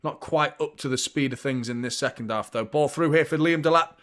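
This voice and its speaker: A man's voice: fairly high pitch, fairly quick, few pauses, a bit bright. A young man hosting a live football watchalong, commenting on the match and swearing freely as he gets heated.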